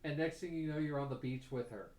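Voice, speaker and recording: A man's voice: a little high, fast talker. Man, game master, vivid gory storytelling, echoey room, faint background noise. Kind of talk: narrating a tabletop game.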